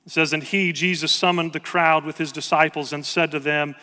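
A man in his thirties delivers a sermon with earnest conviction and pressing repetition. His voice sits a little high and sounds bright and clear. The words ring out into a large hall with a long reverb. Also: fairly even intonation, fairly quick, hardly any pauses. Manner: earnest, building to emphatic repetition. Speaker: pastor.

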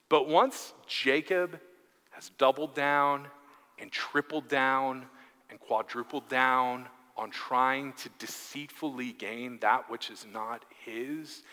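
A man's voice: mid-range voice, bright, forceful tone. A man preaching a sermon, reading scripture aloud and then commenting conversationally, acting out the quotes. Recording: long hall reverb.

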